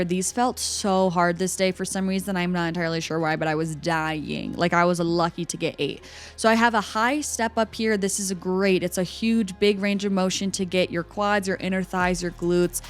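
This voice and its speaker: A woman's voice: mid-range voice, fairly even intonation, normal speed, faint music behind. Chatty young woman coaching workout form. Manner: instructive and chatty, with filler "like". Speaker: personal trainer. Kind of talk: voice-over workout explanation.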